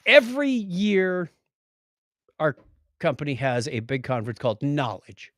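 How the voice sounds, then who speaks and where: A middle-aged man co-hosting a casual podcast, jokey and animated, with sudden loud exclamations. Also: a little high, unhurried, no room sound, studio quality. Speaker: podcast co-host. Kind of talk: casual chat.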